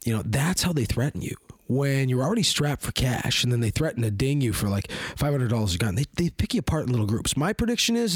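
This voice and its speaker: A man's voice: mid-range voice, no room sound. A man hosting a podcast, delivering a heated, rambling opinion monologue full of fillers. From Canada. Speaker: podcast host.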